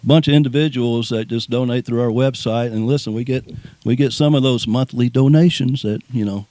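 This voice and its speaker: A man's voice: mid-range voice, fairly quick, warm tone, dry recording. Folksy man giving a speech. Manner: rambling, folksy, repeats words and restarts. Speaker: speaker at a ribbon cutting. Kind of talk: informal outdoor speech. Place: outdoors at a nature preserve.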